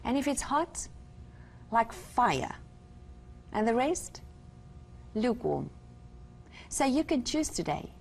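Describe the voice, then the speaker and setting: A woman's voice: a little high, big pitch swings, slow pace, vocal fry, long pauses, a little hiss or hum. A woman from South Africa with a South African accent, giving an earnest, emphatic testimony as a guest on a Christian talk show. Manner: earnest, emphatic, retells conversations with God.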